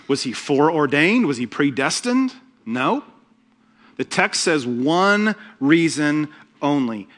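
Male pastor, sermon, humorous storytelling, fairly high pitch, in a church. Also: fairly bright tone.

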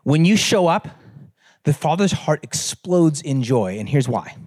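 A man's voice: a little high, big pitch swings, measured pace, a little mellow, slightly rough. A man speaking at a conference in a conversational, humorous way, addressing the audience directly. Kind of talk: storytelling talk on prayer.

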